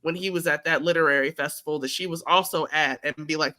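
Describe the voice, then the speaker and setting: A man co-hosting a casual podcast film review, speaking in a measured, thoughtful way. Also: a little high, fairly even intonation, sharp tone. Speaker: podcast co-host.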